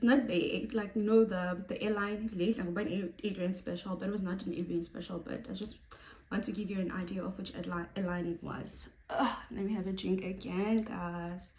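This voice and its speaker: A young woman with a South African accent tells a personal story to her viewers, animated and chatty. She drifts between Xhosa and English as she goes. Her voice is mellow, and the room around her is roomy and echoey. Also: mid-range voice, moderate pace. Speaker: YouTuber. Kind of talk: storytime vlog.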